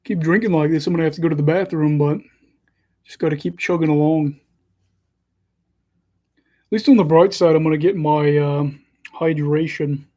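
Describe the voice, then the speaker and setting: Young male livestream host, fairly high mellow voice, casual chatty hockey commentary. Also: fairly even intonation, moderate pace, pauses often. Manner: chatty, self-deprecating, follows play live.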